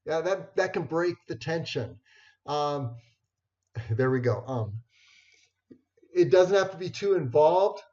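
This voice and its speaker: A man giving an informal talk on networking skills, unhurried, with many fillers and restarts. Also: on the high side, expressive, darkish tone. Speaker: networking presenter. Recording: dull lo-fi recording.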